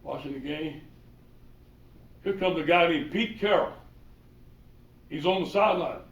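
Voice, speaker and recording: Cajun coach, male, high voice, animated storyteller acting out quotes, in an echoey room heard from across it. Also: unhurried, lo-fi sound. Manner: animated, acts out quoted dialogue. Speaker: football coach giving a presentation. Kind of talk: motivational storytelling talk. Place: presentation room. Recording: roomy hall, mic from far off.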